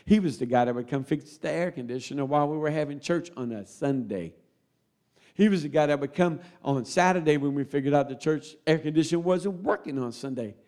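A man preaching a sermon, folksy and close to tears, swinging between loud appeals and quiet asides. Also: fairly high pitch.

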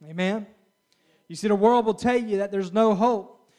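A man's voice: high voice, moderate pace, darkish tone. A middle-aged man preaching a sermon in an earnest way, often stopping for an amen and restarting his words. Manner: earnest, with frequent amens and restarts.

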